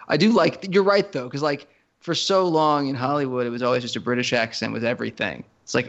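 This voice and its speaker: A man co-hosting a podcast, chatting casually in a rambling, animated way, full of fillers and restarts. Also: mid-range voice, brisk, lo-fi sound. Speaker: podcast co-host. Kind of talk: casual chat.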